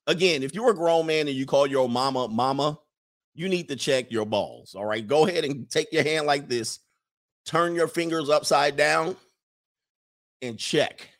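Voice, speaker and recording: Here an American man with a somewhat high, slightly bright voice speaks at normal speed. He rants to his stream viewers in a casual, comic way, preaching and reading their comments.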